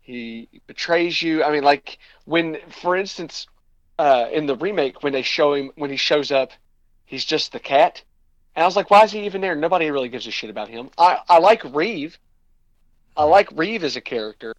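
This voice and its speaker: A man's voice: a little high, expressive, normal speed, no room sound, lo-fi sound. A man co-hosting a casual chat, complaining emphatically and repeating his points. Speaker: podcast co-host.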